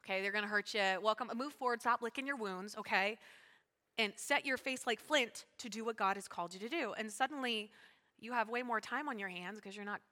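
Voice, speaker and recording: A woman pastor preaching a sermon in a fast, chatty way, joking and adding asides. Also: fairly high pitch, bright, forceful tone. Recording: long hall reverb.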